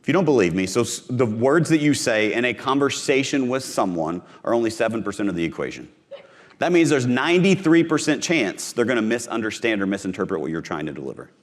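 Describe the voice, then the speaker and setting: This Missouri man speaks fast, in a medium-pitched, sing-song voice. He's presenting a live sales talk at a conference, keeping it punchy and direct, hammering his key phrases and addressing the crowd head-on.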